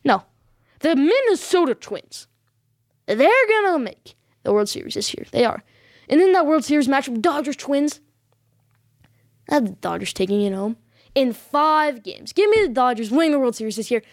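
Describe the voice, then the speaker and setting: Woman, sports vlog host; emphatic, repeats herself for punch; higher voice, dry sound. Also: animated, normal speed, no echo. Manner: emphatic, insistent, repeats short affirmations. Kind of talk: casual sports predictions.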